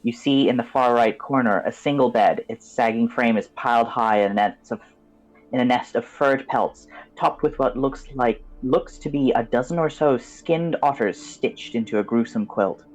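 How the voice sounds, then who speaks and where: A man's voice: medium pitch, normal speed, rough recording. A man as game master, giving vivid descriptive narration of a tabletop game and turning loose with fillers when he improvises.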